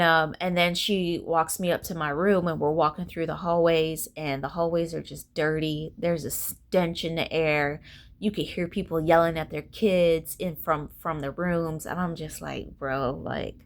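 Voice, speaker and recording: A woman's voice: deep voice, fairly even intonation, measured pace. A woman telling a personal story to camera in a candid, rambling way, swearing freely and sounding tired. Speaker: vlogger.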